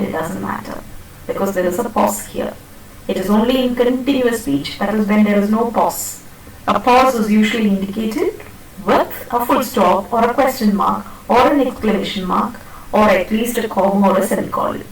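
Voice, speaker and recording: A woman with a higher-pitched voice patiently repeats and demonstrates words during a pronunciation lesson, checking that her students follow. Slight background noise is present, and the echoey classroom is captured by a far-off mic.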